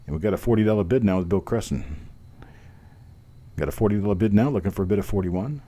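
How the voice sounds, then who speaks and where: A man runs a live online coin auction, calling out bids in a steady, rhythmic patter. His voice sits low and sounds warm and relaxed. Between lots he chats and jokes at his own expense. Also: quick pace, husky. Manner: chatty, self-deprecating, rhythmic bid calling. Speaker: auctioneer host.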